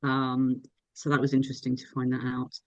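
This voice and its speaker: A woman's voice: very deep voice, monotone, fairly quick, darkish tone, dry recording, muffled recording. A woman fan being interviewed, chatting enthusiastically about meeting an actress. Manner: enthusiastic, gushing. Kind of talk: casual interview chat.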